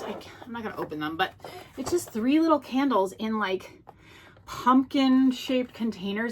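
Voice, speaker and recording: Bright, chatty woman thrift vlogger. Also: fairly high pitch, slight background noise. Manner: chatty and gushing, with many fillers and restarts. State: out of breath. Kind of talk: casual show-and-tell chat. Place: home.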